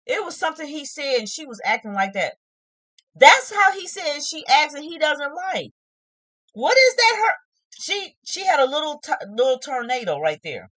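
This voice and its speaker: Lively woman vlogger ranting about a reality show, dry close sound, talks straight at the camera. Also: sits high, moderate pace, dry recording. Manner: animated, opinionated, talks straight to viewers. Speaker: host of a TV review channel. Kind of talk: casual reality-TV recap vlog.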